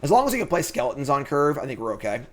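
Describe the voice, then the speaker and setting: A man's voice: mid-range voice, very animated, rapid-fire. Chatty man thinking aloud while streaming. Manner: chatty, thinks aloud, reads chat and answers it. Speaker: streamer playing a card game. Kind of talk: casual live-stream commentary.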